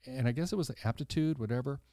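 A man's voice: mid-range voice, fast, no echo, studio quality. A man in his sixties, a podcast host, telling a personal story in a casual, blunt way, acting out the voices of the people in it. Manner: animated storyteller who acts out quoted voices, blunt and swears casually.

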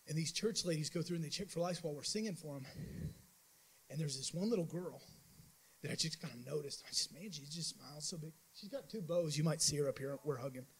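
A man giving a church mission trip report as an informal sermon testimony, telling his story in an animated way with many restarts. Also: on the high side, fast, breathy edge, low-quality recording.

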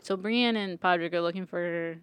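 A woman's voice: on the low side, brisk, clean tone. A woman in casual chat, animatedly retelling a TV plot and laughing often. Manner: animated storyteller, acts out characters, laughs often.

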